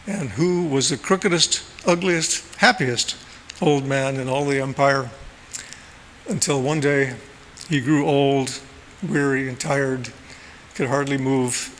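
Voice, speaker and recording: A man giving a gentle, playful storytelling talk at a church service, recorded in the sanctuary. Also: mid-range voice, steady tone, takes it slowly. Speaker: lay speaker. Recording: long hall reverb, faint room noise.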